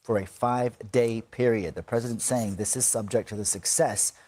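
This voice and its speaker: A man reading breaking news as a television anchor with a measured, formal delivery. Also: on the low side, steady tone, dark tone, dry recording.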